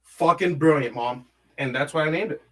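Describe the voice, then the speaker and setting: A man hosting a casual stream from his home, reading chat and drifting into long stories. His voice sits a bit high for a man. He swears constantly and fills pauses with hummed nonsense syllables. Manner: rambling, swears a lot, hums filler syllables. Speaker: livestream host reading chat.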